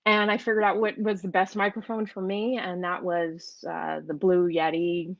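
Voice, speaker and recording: A woman's voice: on the low side, flat delivery, normal speed, no echo. Woman, New York–New Jersey accent, chatty coach on a live stream; dry, dull-ish mic. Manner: chatty, storytelling, many restarts. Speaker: online business coach. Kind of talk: live-streamed casual talk.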